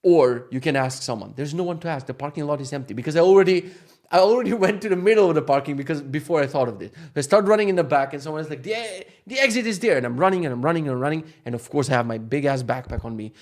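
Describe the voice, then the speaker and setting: Young guy venting a travel story, cusses a lot, slightly high voice, gets loud and riled up. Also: rapid-fire. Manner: exasperated, profane, animated storyteller. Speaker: vlogger. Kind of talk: casual rant storytelling.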